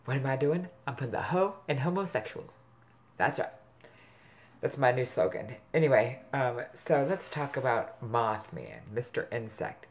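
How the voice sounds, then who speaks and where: A man telling a rambling, gossipy story in a vlog, sarcastic and quick to swear. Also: mid-range voice, animated. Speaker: vlogger. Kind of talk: rambling personal storytelling to camera.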